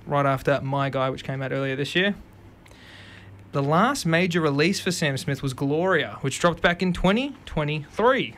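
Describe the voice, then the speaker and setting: A young man hosting a radio show, chatting casually and recapping the music tracks with quick asides. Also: on the high side, a bit bright. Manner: chatty, quick asides, sings snatches of songs. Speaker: radio host.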